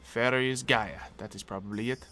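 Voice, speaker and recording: A man's voice: mid-range voice, steady tone, normal speed, pushed and bright, soft background music. A man streaming a game live, chatting casually and answering viewers as he plays. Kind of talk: casual live-stream chat while gaming.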